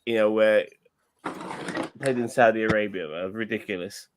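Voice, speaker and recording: A man's voice: on the low side, unhurried, background noise. A man co-hosting a podcast, rambling with lots of "like" and restarts in casual banter. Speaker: podcast co-host.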